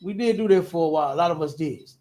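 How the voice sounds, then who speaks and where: High-voiced man telling an animated story. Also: racing. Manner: repeats words, laughs often, acts out quotes in a high voice. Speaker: podcast host.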